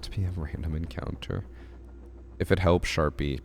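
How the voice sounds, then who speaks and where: A man's voice: a bass voice, fairly even intonation, moderate pace, gravelly, very noisy. A congested male streamer chatting casually and wryly with his chat about a game. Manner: chatty, answers chat, wry.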